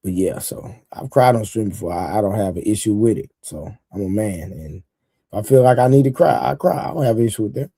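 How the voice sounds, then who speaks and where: A man's voice: lowish voice, animated, quick pace, dark tone, husky, no echo. A man hosting a casual livestream, talking loosely and repeating himself, laughing often and reading viewers' comments aloud to his chat. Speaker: livestream host.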